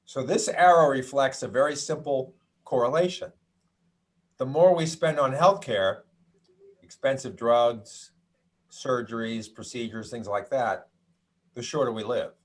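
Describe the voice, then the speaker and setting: A man's voice: medium pitch, measured pace. Chatty middle-aged American man. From United States. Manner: chatty, wry asides, frequent restarts. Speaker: doctor giving a health talk. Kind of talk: presentation with slides.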